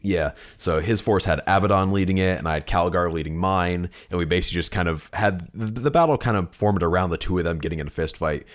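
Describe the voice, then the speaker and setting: A man's voice: low-pitched, fast talker, hardly any pauses. A man co-hosting a podcast, telling a long rambling story in casual chat with lots of fillers and restarts. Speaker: podcast co-host.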